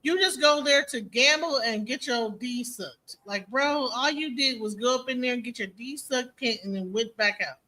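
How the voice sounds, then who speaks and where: An American woman streaming, reacting to a clip with blunt, profane, animated commentary. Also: a little high, moderate pace, hardly any pauses, low-quality recording. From United States.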